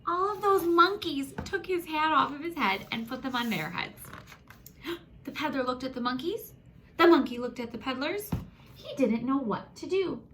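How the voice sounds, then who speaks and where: A woman reading a children's picture book aloud, animated and gasping, talking to young listeners as friends. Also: sits high, moderate pace, slight background noise. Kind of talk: expressive children's story read-aloud.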